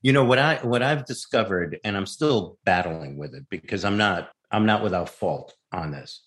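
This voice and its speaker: A man's voice: lowish voice, moderate pace. A male actor, a guest, telling a casual anecdote and acting out the voices as he goes. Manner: animated storyteller, acts out voices.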